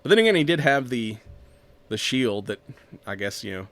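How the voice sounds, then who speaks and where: A man's voice: mid-range voice, big pitch swings, moderate pace, fairly bright tone. A man casually recapping a movie on a podcast, rambling, laughing often and acting out the lines. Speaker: podcast co-host.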